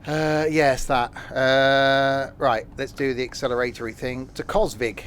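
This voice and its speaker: A man's voice: medium pitch, steady tone, unhurried, fairly bright tone. Man, rambling gameplay chat, self-mocking, fillers, game noise behind. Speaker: streamer. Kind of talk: live gameplay commentary.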